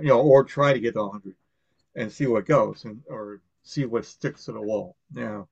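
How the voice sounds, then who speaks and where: A man's voice: on the low side, moderate pace, vocal fry, a little mellow, breathy edge, no echo. A man from Long Island hosting a podcast in casual chat, rambling and swearing, with lots of fillers and restarts. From Long Island, New York. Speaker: podcast host. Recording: dull, lo-fi, dry sound.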